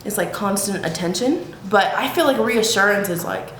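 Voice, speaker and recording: A woman's voice: mid-range voice, animated, moderate pace, a bit bright. A woman vlogging to camera at home in a casual chat, frank and profane, laughing often. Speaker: YouTube vlogger. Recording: echoey room, faint background hiss.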